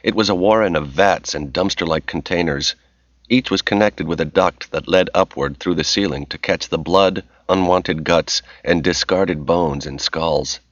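A man giving a measured, scripted audiobook narration. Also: low-pitched, dry recording. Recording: slightly dull dry recording.

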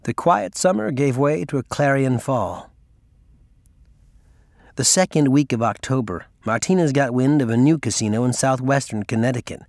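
Male audiobook narrator, measured delivery, mid pitch, dry close sound. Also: vocal fry, darkish tone, no room sound. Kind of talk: scripted narration.

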